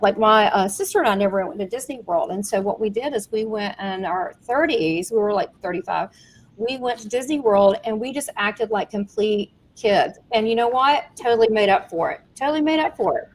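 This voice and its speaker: A woman hosting a podcast, telling stories in an animated, giggly casual chat. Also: a little high, normal speed, slight background noise, poor audio. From Southern United States. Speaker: podcast host.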